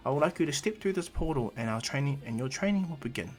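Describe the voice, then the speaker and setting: A calm, matter-of-fact divine attendant instructs her young pupil, as a man telling a fan story speaks her part. She talks plainly and evenly in a mid-range voice. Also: mid-range voice, fast talker, faint music behind, close to an everyday voice.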